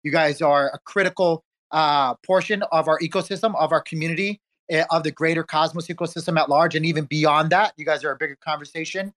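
A man's voice: a little high, fairly even intonation, quick pace, hardly any pauses, fairly bright tone. A man, a community event organizer, talking in a hyped, friendly, repetitive way in a casual group audio chat.

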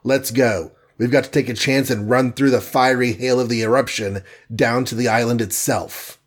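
A man's voice: medium pitch, fairly even intonation, moderate pace, lightly acted. A man reading aloud who voices a decisive adult male hero giving clipped, urgent commands.

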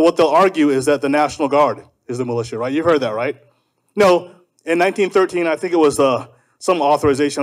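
Fervent preacher-style man rallying a crowd. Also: fairly high pitch. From South Carolina, US. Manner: fervent, leads call and response, shouting refrains. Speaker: speaker at a political gathering. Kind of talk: preacher-like speech to a live audience.

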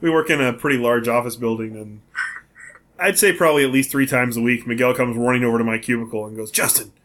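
A man hosting a podcast in casual chat, upbeat and quick to laugh. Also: mid-range voice, a bit bright. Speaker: podcast host.

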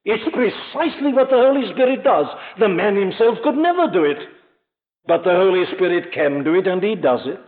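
Impassioned preacher on a tinny tape. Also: male voice, high-pitched, lively intonation, normal speed. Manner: earnest, emphatic, rising to impassioned peaks; addresses listener directly. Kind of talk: sermon.

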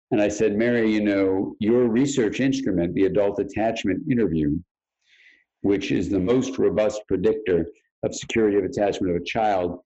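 A man, a therapist, talking as an interview guest in a conversational, storytelling way and acting out past conversations. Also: fairly low pitch. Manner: animated storyteller who acts out past conversations in quotes. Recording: dull, lo-fi audio.

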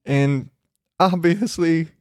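A man's voice: on the high side, drawn-out words, a little mellow, no echo, clean studio sound. A man hosting a podcast in a casual monologue, ranting with lots of swearing and laughter. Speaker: podcast host.

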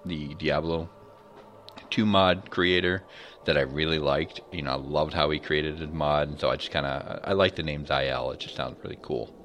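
Male co-host, very low voice, easygoing explainer. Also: steady tone, normal speed, a bit bright, slight background noise. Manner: easygoing, explains game mechanics at length. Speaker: podcast co-host. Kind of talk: casual gaming podcast chat.

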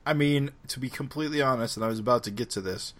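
A man's voice: mid-range voice, quick pace. Man explaining his point in detail. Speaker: podcast co-host. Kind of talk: casual chat.

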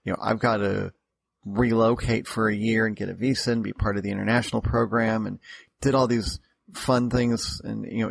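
A man's voice: on the low side, creaky, dry recording. A man interviewing a guest, asking questions casually and laughing along in a friendly way.

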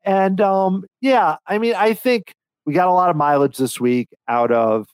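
A man co-hosting a podcast, chatting casually in an animated, rambling way with frequent restarts. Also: high voice, unhurried, clean tone, dry recording, rough recording. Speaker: podcast co-host. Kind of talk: casual chat.

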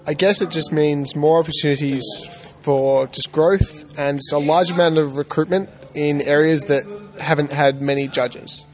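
A man's voice: fairly high pitch, steady tone, normal speed, few pauses. A man from Australia with an Australian accent, giving brief, plain answers in an interview.

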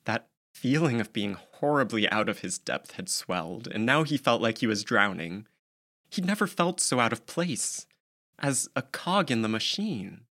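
A male audiobook narrator reads in a measured, steady storytelling voice. His tone is bright and sharp, pitched in a middle range. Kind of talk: scripted narration.

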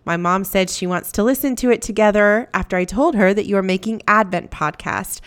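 A woman hosting a podcast, reading listener reviews aloud in a gentle, grateful, upbeat way. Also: mid-range voice, moderate pace, hardly any pauses, clean tone. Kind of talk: warm scripted read-aloud of listener reviews.

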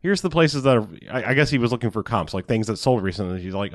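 A man's voice: on the low side, lively intonation, quick pace, hardly any pauses, no room sound, studio quality. A man casually recapping a movie plot in a rambling, profane way, laughing often.

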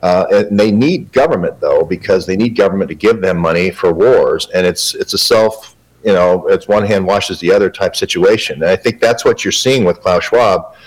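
A man with a very low-pitched voice, interviewed as a guest journalist. He rambles on in a matter-of-fact way, padding his answers with fillers. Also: normal speed, rough recording.

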